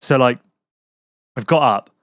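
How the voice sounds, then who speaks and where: A man's voice: mid-range voice, unhurried, fairly bright tone, no room sound, studio quality. A man telling a crude anecdote on a podcast, swearing a lot and laughing at his own story in casual chat. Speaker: podcast host.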